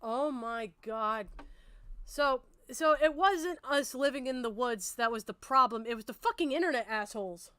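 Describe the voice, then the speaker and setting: A woman's voice: fairly high pitch, moderate pace, sharp tone, clear, resonant tone, no room sound. A woman streaming and chatting casually, with a goofy, cartoonish voice, laughing often and swearing freely.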